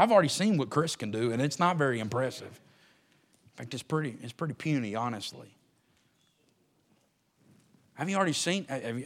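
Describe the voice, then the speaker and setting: A man preaching a sermon to his church. He swings from shouted, drawn-out lines to quiet, fast, joking asides. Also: fairly high pitch. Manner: folksy, joking. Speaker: pastor. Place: church sanctuary.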